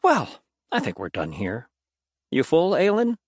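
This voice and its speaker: Smug amused demon mercenary, read by a male narrator, lively and mocking. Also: a little high, a little slow, no room sound, clean studio sound, voice pushed up, heavily acted. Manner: taunting, amused.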